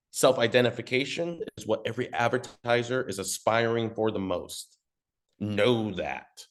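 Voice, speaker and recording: This man's voice sits on the low side as he gives casual, meandering coaching on ad marketing, dropping the odd swear word and quick mock impressions of customers.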